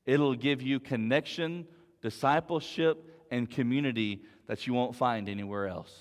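A man's voice: medium pitch, a little slow, big-room sound. A man preaching a sermon as pastor, earnest and storytelling, repeating words as he builds his point.

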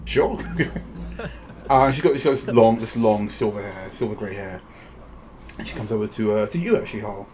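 A man's voice: fairly low pitch, animated, moderate pace, pauses often, darkish tone. A man narrating as game master of a tabletop game, chatty and loose, with frequent fillers and laughter.

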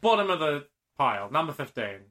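A man's voice: a little high, big pitch swings, a little fast, fairly bright tone. A man in casual podcast chat, talking loosely with many fillers. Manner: loose, filler-heavy ranking of film characters.

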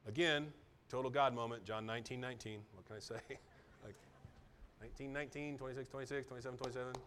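A middle-aged man preaching a sermon as pastor, dropping to soft, near-whispered asides and then building to loud, emphatic repetitions. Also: mid-range voice, fairly even intonation, fast talker, slight background noise.

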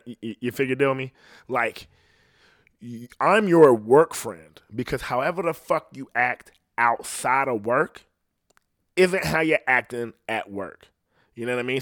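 A man's voice: medium pitch, no room sound, clean studio sound. Profane man talking with a lisp. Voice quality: slight lisp. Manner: profane, rambling rant. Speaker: podcast host. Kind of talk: casual solo monologue.

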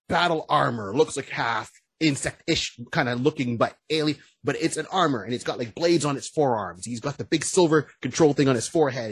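A man co-hosting a podcast in casual chat, talking excitedly, with stammering restarts and whoops. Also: medium pitch, breathy edge, no echo. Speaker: podcast co-host.

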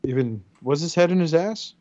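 A man's voice: a little high, expressive, normal speed, darkish tone. Man, casual podcast chat, rambling and profane, dull lo-fi sound. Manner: profane, rambling storyteller, acts out quotes. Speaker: podcast co-host.

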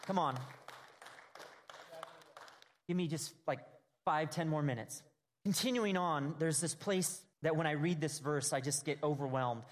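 A man's voice: fairly high pitch, normal speed. A man preaching a sermon, earnest and emphatic, reading scripture with dramatic emphasis. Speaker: pastor. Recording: hall reverb.

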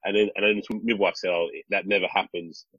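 Husky deep-voiced man. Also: fast talker. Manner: animated, rambling storyteller with many restarts. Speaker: podcast co-host, father. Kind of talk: casual conversational storytelling. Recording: slightly dull lo-fi recording.

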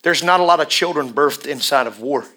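Man, pastor mid-sermon; bright, high-leaning voice, passionate, repeats lines for emphasis. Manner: impassioned, swings from hushed to shouting; drawn-out emphatic repetitions.

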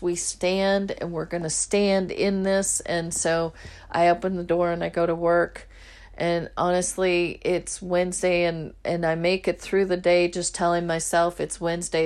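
A middle-aged woman hosting a faith podcast, telling a personal story earnestly and with feeling. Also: on the low side. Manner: earnest and emotional, retelling with quoted dialogue. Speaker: podcast host.

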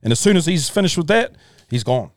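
A man's voice: a little high, very animated, fairly quick, dry recording, studio quality. A man, a podcast guest, telling a long story in loose casual chat, swearing freely and calling people "bro". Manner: loose, swearing, says "bro", talks in restarts.

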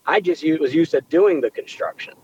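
A young adult man, a pizzeria owner, telling his story in a casual interview, animated and rambling with restarts. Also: a little high, a little fast, lo-fi sound, slight background noise. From United States.

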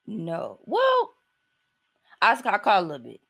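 Female co-host, laid-back reactions, lively pitch, creaky texture. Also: measured pace. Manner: reactive, short interjections. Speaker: podcast co-host. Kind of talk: casual chat.

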